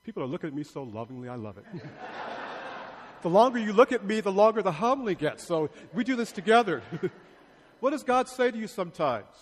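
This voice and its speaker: A priest giving a sermon in a large church, playfully asking the congregation questions and bantering with them. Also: male voice, sits high, sing-song, brisk, pauses often. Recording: long church reverb.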